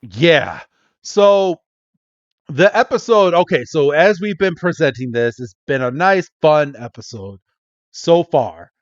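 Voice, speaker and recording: A man's voice: fairly high pitch, expressive, slow pace, no room sound, lo-fi sound. A man co-hosting a podcast, casually recapping a cartoon episode, laughing often and acting out quoted lines. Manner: laughs often, retells scenes in quoted voices. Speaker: podcast co-host.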